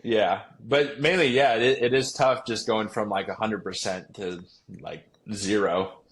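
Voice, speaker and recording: Young man chatting, lowish voice. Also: fairly even intonation, measured pace. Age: young adult. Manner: rambling, many fillers and restarts. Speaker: guest, pro baseball player. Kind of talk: casual interview chat.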